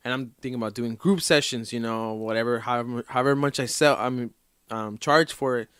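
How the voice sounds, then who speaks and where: A man's voice: medium pitch, a little fast, a bit bright, smooth, dry recording, clean studio sound. A man chatting casually as a podcast guest, rambling loosely with lots of fillers.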